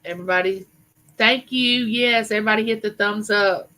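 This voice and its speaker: A woman, hosting a casual live chat and rambling warmly with fillers and restarts. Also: mid-range voice, normal speed, rough recording. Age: 50s. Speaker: livestream host. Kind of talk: casual live chat reading viewer comments.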